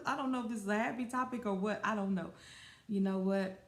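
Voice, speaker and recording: A woman's voice: medium pitch, fast, echoey room. A woman hosting her own podcast, talking casually and giggling often as she addresses listeners as y'all. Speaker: podcast host. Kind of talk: casual solo podcast talk.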